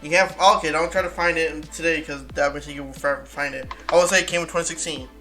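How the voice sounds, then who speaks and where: A man's voice: a little high, steady tone, fast, music in the background. A man hosting a casual interview, rambling and often restarting his sentences. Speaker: interview host.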